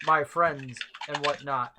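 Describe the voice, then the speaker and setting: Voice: mid-range voice, steady tone, takes it slowly, noisy background, lightly acted. A game master voicing a confident young elf woman introducing her companions. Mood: calm.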